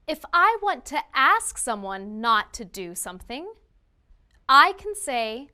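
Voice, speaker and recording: A woman's voice: sits high, bright, forceful tone. Woman explaining grammar, voice bounces up and down a lot, stresses example phrases. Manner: clear, slow, emphatic delivery of example phrases. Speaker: grammar teacher. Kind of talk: scripted lesson narration.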